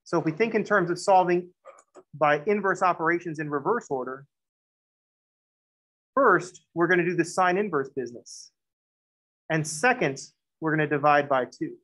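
A man's voice: on the high side, normal speed, pauses often, a bit bright, low-quality recording. A man teaching a math lesson in a classroom, moving from step-by-step explanation into chatty, joking stories and acted-out dialogues. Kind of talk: classroom lecture with joking asides.

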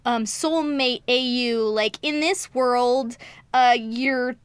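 A woman co-hosting a podcast in casual chat, enthusiastic and quick to laugh. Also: on the high side, clear, resonant tone, no echo. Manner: enthusiastic, laughs often, fast bursts. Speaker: podcast co-host.

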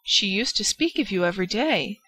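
A bewildered young nobleman speaks earnestly, sounding troubled and lovesick. A woman reading the audiobook voices him at a middling pitch, close to her own voice. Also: lively intonation, brisk, bright, forceful tone. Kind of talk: audiobook character voice.

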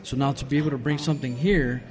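A man's voice: medium pitch, steady tone, quick pace. A man hosting a podcast, chatting casually and rambling with many restarts. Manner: rambling, lots of restarts and "I mean". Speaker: podcast host. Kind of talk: casual chat.

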